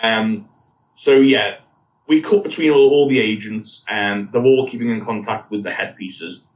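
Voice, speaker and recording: Slightly slow and fairly low in pitch, this man rambles through a podcast episode recap as co-host, self-correcting and laughing at his slip-ups. The audio comes from the wrong mic at a distance.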